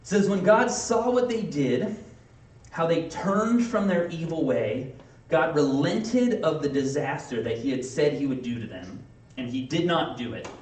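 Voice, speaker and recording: Brief: male pastor, slightly higher voice, relaxed chatty preaching, roomy church sound picked up from a distance. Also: unhurried. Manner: casual, conversational preaching with playful acted-out asides. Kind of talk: sermon. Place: church sanctuary. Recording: echoey room, mic from a distance.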